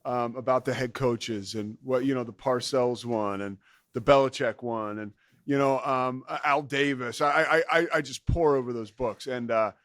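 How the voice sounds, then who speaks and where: A man's voice: medium pitch, normal speed, fairly bright tone, dry recording, studio quality. A man, a sports broadcaster, chatting as a guest, agreeable and loose with fillers. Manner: agreeable, fills with you know and right. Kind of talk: casual interview chat.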